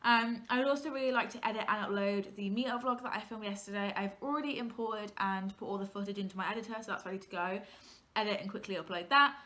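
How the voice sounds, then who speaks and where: Breathless, bright-voiced young woman vlogging. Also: mid-range voice, fast talker. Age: late teens. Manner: chatty and rambling, talking to camera. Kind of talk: casual chat. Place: home kitchen.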